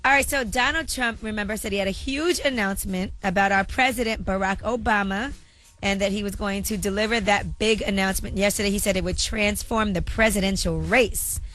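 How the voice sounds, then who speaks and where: A radio co-host runs through the morning news in a matter-of-fact way. The voice is mid-pitched, and a faint music bed sits behind it. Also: brisk, sharp tone.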